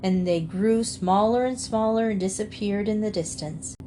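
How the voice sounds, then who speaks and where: A woman reading a children's storybook aloud in a calm, measured way. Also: mid-range voice, a little hiss or hum. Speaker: storybook reader.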